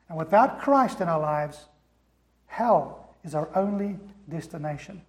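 High-voiced preacher in an echoey hall. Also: male voice, mellow. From America. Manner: rhetorical questions, emphatic repetition. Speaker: pastor. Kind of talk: sermon.

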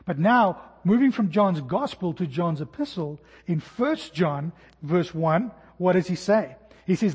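High-voiced husky man preaching. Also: a little slow, hardly any pauses, big-room sound. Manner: animated storytelling, acting out jumps and shouts. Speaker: pastor. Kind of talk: expository sermon.

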